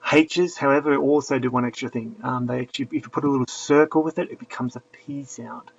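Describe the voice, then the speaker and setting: Husky man teaching a lesson. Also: mid-range voice, fairly even intonation, fairly quick, few pauses. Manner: patient, repeats drills aloud. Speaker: language teacher. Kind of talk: classroom lesson explanation. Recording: dull lo-fi recording.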